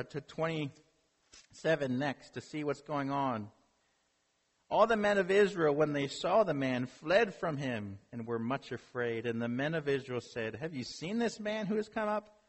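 A male preacher telling a story in a sermon, animated, asking rhetorical questions. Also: on the high side, creaky, husky. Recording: long hall reverb.

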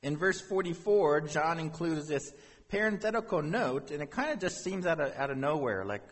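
A man's voice: on the high side, lively intonation, moderate pace, breathy edge, in a large hall. A man preaching a sermon as pastor, reading scripture and speaking in an earnest, conversational way.

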